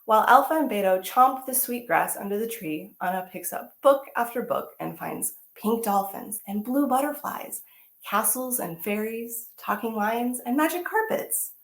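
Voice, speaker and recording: An animated woman reads a picture book aloud to children as a teaching artist, full of exclamations and questions to her young listeners. Her voice sits a little high with a gravelly edge. The room around her is echoey. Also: normal speed.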